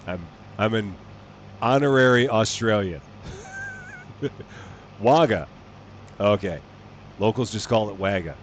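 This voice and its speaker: A game streamer reads his chat, talking casually with his live-stream audience in an amused, chatty way and laughing often. His voice is lowish, and he takes it slowly with long pauses. A little hiss or hum is audible.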